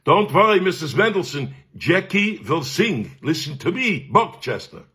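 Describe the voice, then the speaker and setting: A man's voice: high-pitched, very animated, measured pace, fairly bright tone, slightly rough, pitched above the performer's own voice, exaggerated voice. An older man voicing a pompous, heavyset Viennese male voice teacher with a German accent, grand and commanding. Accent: German-accented English.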